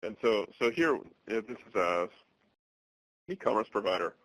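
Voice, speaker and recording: A man in his thirties from the Boston area presents a webinar. He talks in a steady monotone, full of fillers and restarts. His voice sits low with a bright, forward edge, and the recording is dry and close. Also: dry recording, low-quality recording. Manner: halting, many fillers and restarts; monotone delivery.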